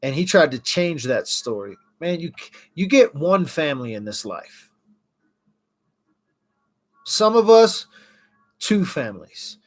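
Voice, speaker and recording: A man's voice: mid-range voice, big pitch swings, normal speed. A middle-aged man casually chatting on a livestream, reacting to viewers' comments as he talks. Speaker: livestream host.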